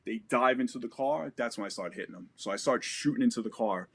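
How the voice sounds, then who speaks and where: A man's voice: mid-range voice, fast talker, fairly bright tone, slightly rough. An American man in his thirties casually telling a war story as a podcast guest, acting out gunfire with sound effects.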